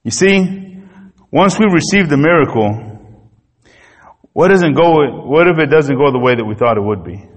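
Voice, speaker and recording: A man pastor delivering a sermon, telling a personal story in an animated, emotional way. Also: fairly high pitch, moderate pace, pauses often, in a large hall.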